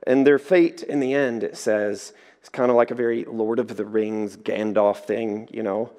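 A man preaching a sermon, telling stories in a lively way and acting out the voices in them. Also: fairly low pitch, moderate pace. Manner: lively storytelling, acts out voices. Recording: echoey hall.

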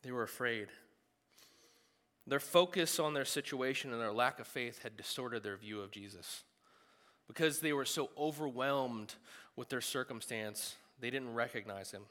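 A man preaching a sermon in a conversational, animated way, with quick asides. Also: mid-range voice. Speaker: pastor. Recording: long hall reverb.

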